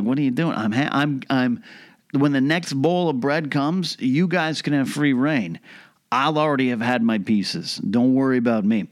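Young man, mid-pitch, comic monologue with deadpan-serious delivery and lively rhetorical asides. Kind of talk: casual comedic monologue.

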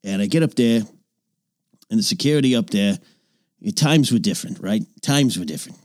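A man's voice: expressive, a little fast, darkish tone, dry recording, studio quality, close to an everyday voice. A man playing a rambling old Hollywood producer. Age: older. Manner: rambling, name-dropping, drops into low confidential mutters. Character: aging boastful old-Hollywood male film producer, rambling name-dropper. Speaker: podcast host in character. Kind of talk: improvised character comedy podcast. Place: small home recording nook.

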